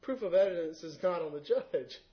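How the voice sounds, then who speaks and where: A man's voice: fairly high pitch, animated, a little fast. A man co-hosting a casual podcast about a card game, joking and laughing often. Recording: dull lo-fi audio.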